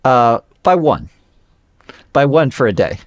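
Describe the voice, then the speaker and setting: A man's voice: mid-range voice, big pitch swings, slow pace. A man co-hosting a casual podcast, teasing his friend with pointed follow-up questions. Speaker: podcast co-host. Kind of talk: casual chat.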